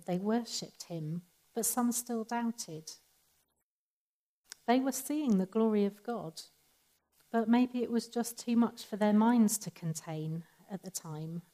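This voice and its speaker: Lady preaching a sermon, calm and measured, mellow warm tone. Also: medium pitch, low-quality recording.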